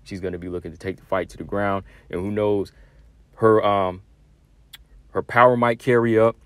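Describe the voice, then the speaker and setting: Male host, lowish voice, dry close mic, loose chatty MMA commentary. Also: fairly even intonation, normal speed, clear, resonant tone, no room sound. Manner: conversational, many fillers and asides. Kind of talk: casual solo commentary.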